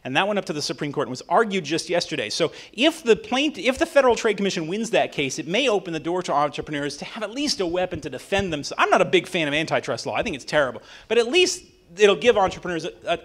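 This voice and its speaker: Animated man giving a speech. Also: a little high. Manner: animated, often asks "right?". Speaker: attorney and author giving a talk. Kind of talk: public speech to a dinner audience.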